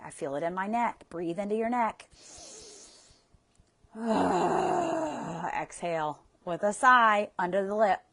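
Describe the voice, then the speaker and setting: A woman's voice: lowish voice, fairly bright tone. A woman coach guiding listeners through a tapping session, speaking with soothing guidance and audible sighs between prompts.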